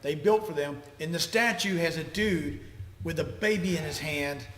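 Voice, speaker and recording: A man's voice: a little high, moderate pace, a bit bright. A man co-hosting a podcast, a veteran telling emphatic stories in casual chat. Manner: emphatic storytelling, swearing. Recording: echoey room with long reverb.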